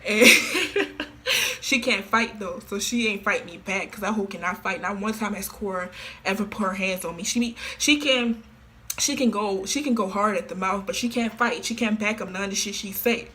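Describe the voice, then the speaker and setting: A woman's voice: medium pitch, normal speed, pushed and bright. A woman talking casually to camera in an offhand, slangy and repetitive way. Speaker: vlogger.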